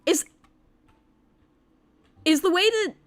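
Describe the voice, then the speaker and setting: A young woman with a very high voice streams a visual novel at a slow pace, reading the game text aloud. Her commentary is exasperated and incredulous, rambling and full of repeated words.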